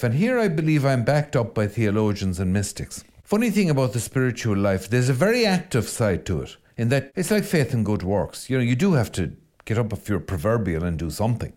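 Animated Irish priest, teasing and exhorting. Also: male voice, a little high. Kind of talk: podcast talk.

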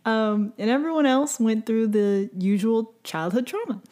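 A young woman co-hosting a casual chat, recapping a series with lively storytelling and acted-out quotes. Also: on the high side, a little slow. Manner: animated storytelling with laughs and quoted voices. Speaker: podcast co-host recapping a series.

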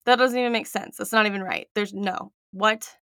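Female podcast co-host, earnest, bright tone, dry close mic. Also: mid-range voice, steady tone, normal speed, no room sound. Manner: earnest, matter-of-fact, reports findings. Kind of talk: casual chat.

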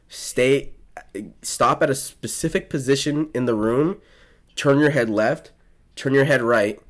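A young man from South Florida hosts a casual podcast chat. He tells a long, rambling story packed with swearing and restarts, in a voice of ordinary pitch. His delivery stays loose and conversational. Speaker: podcast host.

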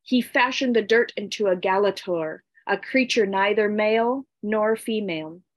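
A woman narrating an ancient myth in a deliberate, solemn storytelling style. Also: mid-range voice, no echo.

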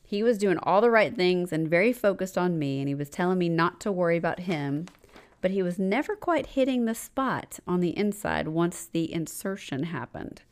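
A woman in her forties co-hosting a casual podcast, reading a listener letter aloud with dramatic pauses and frequent laughter. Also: lowish voice, lively intonation, smooth. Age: 40s. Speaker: podcast co-host.

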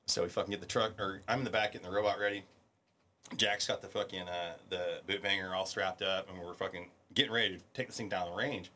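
A man's voice: low voice, fast, slight background noise. A middle-aged man telling war stories in casual podcast chat, swearing freely and acting out the people he quotes. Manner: profane, animated, acts out quoted voices. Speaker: podcast guest, military veteran. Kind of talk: casual storytelling.

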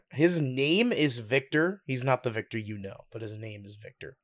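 A young man co-hosting a podcast, telling a story in a casual, giggly, animated way. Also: mid-range voice, a little slow. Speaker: podcast co-host.

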